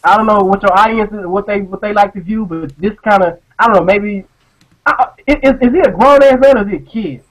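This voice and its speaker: A man co-hosting an online live show, ranting in a casual, profane, animated way and often repeating words as he talks. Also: sits high, brisk, poor audio. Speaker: podcast co-host.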